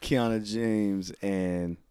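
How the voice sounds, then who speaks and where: Low, mellow-voiced podcast host. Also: male voice, fairly even intonation, very slow, clear, resonant tone, dry recording. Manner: recaps scenes by acting out quoted lines. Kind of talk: casual wrestling recap chat.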